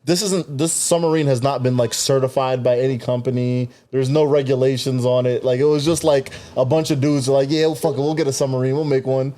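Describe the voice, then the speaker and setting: A young man co-hosting a podcast, talking in an easy, unhurried way. His voice is mellow and warm, and he laughs often and restarts his sentences as he goes. The talk is loose and casual throughout. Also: mid-range voice, fairly even intonation. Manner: laid-back, laughs often, trails off in restarts. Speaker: podcast co-host. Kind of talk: casual chat.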